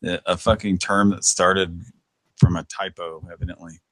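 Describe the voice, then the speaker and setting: A man's voice: deep voice, flat delivery, normal speed, fairly bright tone, no echo. A man hosting a podcast in loose, profane chat, laughing often and swearing casually. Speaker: podcast host.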